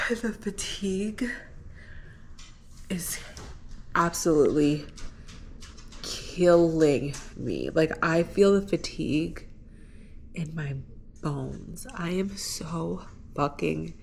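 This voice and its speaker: A woman's voice: low voice, animated, extremely slow, vocal fry, long pauses, a little hiss or hum. Exhausted young woman venting to camera. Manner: candid, rambling, frequent "like" and laughter. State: exhausted, tearful. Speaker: vlogger. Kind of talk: casual vlog diary.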